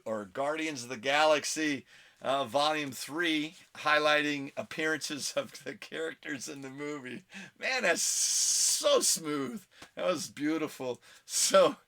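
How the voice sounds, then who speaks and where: A man's voice: a little high, gravelly, pushed and bright. A man hosting a casual comic book collecting vlog at home, rambling and chatty with self-mocking asides. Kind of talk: casual show-and-tell vlog.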